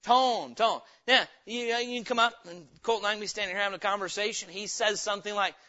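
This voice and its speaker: High, bright-voiced folksy preacher man. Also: steady tone, fast. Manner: folksy, conversational preaching with homespun stories. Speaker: pastor. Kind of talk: sermon. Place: church. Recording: dull lo-fi sermon recording.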